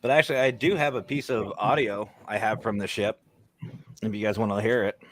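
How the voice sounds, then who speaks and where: A man, a guest paranormal investigator, chatting on a video call in an animated, joking way. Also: fairly low pitch, brisk. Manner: animated, laughing, jokey. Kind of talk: casual video chat.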